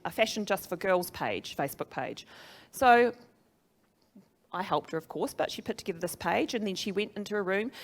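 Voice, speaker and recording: A middle-aged woman with a New Zealand accent giving a chatty, upbeat live presentation to an audience and laughing at her own jokes. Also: mid-range voice. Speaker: conference speaker.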